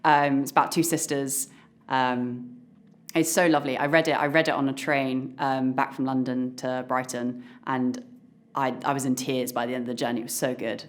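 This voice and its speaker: A young woman, an acting graduate, delivering a theatrical comic monologue in an animated, laughing way. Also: extremely low pitch, normal speed. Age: young adult. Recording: echoey room from far off.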